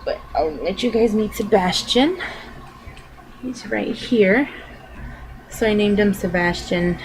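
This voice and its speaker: A woman's voice: mid-range voice, slow, pauses often, background noise. A young adult woman vlogging, telling a personal story to camera in a loose, rambling way full of filler words.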